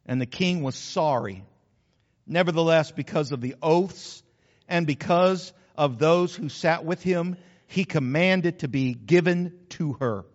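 A man's voice: on the high side, long reverb tail, highs cut off. A middle-aged man, a pastor preaching a sermon in an emphatic, conversational, repetitive way. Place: church.

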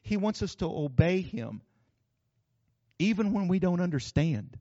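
A man's voice: sits high, big pitch swings, unhurried, mellow, no room sound, highs cut off. A man preaching a sermon in a folksy, joking way. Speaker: pastor.

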